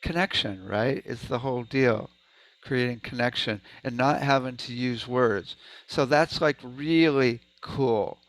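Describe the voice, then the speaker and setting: A man's voice: mid-range voice, a little slow, no echo. Man chanting rhythm syllables in a dry room. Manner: demonstrates rhythm syllables and hums aloud; loose and conversational, many "right?" asides. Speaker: presenter at a sound healing meeting. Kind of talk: informal presentation.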